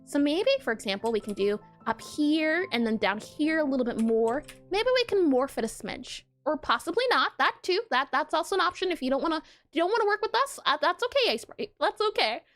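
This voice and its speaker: With faint music playing, this woman draws pixel art live and keeps up a giggly, chatty stream of commentary, answering viewers and joking with them. She talks in a high, very lively, fairly bright voice, a bit fast and with hardly any pauses.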